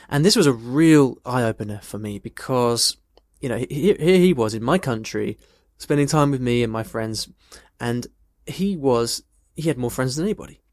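A man's voice: mid-range voice, a little mellow, no echo. A man talks through a language question like an English teacher, thoughtful and conversational, with personal stories along the way. His voice sits in a middle register. The sound is close and dry, with no room around it. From United Kingdom. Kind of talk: casual explanatory talk answering a question.

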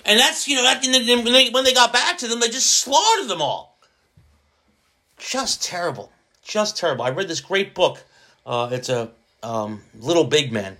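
A man's voice: high-pitched, sing-song, moderate pace, pushed and bright. A man hosting his own podcast in a casual, rambling monologue, often restarting his sentences. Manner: slips into jokey put-on voices. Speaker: podcast host.

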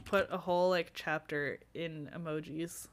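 A woman's voice: low-pitched, steady tone, a little slow, slight background noise. A woman co-hosting a casual podcast, blunt and sarcastic, often laughing. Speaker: podcast co-host. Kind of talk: casual book discussion chat.

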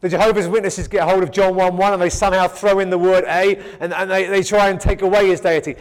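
A man's voice: sits high, flat delivery, fast talker, big-room sound. A man teaching the Bible in sermon style, emphatic and repetitive, often stammering as he restarts his sentences. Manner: emphatic, repetitive rhetorical build-ups.

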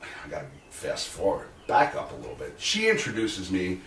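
A man's voice: sits low, normal speed, gravelly. A man telling stories in a casual interview, acting out what others said, swearing and laughing often. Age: 40s or older. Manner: animated storyteller who acts out quotes, swears and laughs often. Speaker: guest, wrestling manager and comic hypnotist. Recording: roomy echo from a distant mic with faint noise.

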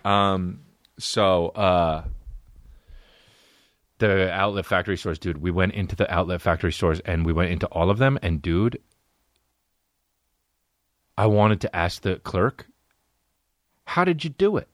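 A man's voice: deep voice, fairly even intonation, a little slow, long pauses, dry recording, studio quality. A man hosting a solo comedy podcast, ranting and riffing with profane, exaggerated stories. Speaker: podcast host.

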